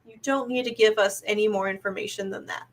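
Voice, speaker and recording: A woman casting director co-hosting a podcast, giving relaxed advice with easy fillers and laughs. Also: mid-range voice, fast. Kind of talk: casual podcast chat.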